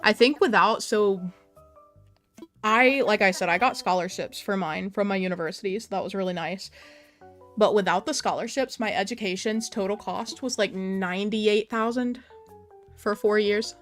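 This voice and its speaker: A woman's voice: mid-range voice, normal speed, faint music behind. Chatty young woman streaming a game. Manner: chatty, reads and answers viewer chat aloud. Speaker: live-stream host. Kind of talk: casual live-stream chat while gaming.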